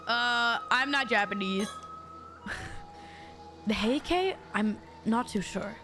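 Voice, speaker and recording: Excitable higher-voiced woman gaming streamer. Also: slow, soft background music. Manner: excitable, jokey asides to chat. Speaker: VTuber streamer. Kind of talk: let's-play commentary, reading game dialogue aloud.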